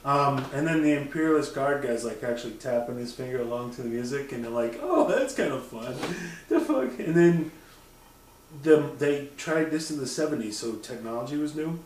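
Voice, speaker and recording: A man chatting casually on a podcast, animated and profane, often mimicking voices as he talks. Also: medium pitch, normal speed, recorded from a distance, a little hiss or hum. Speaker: podcast co-host. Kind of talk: casual chat. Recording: roomy, off-mic sound.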